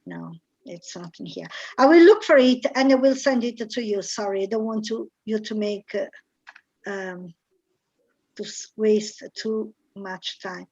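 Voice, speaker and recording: A woman's voice: medium pitch, measured pace, a little mellow, dull audio. A woman teaching an online English class, hesitant and full of fillers as she quizzes students. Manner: hesitant, many fillers, searching aloud.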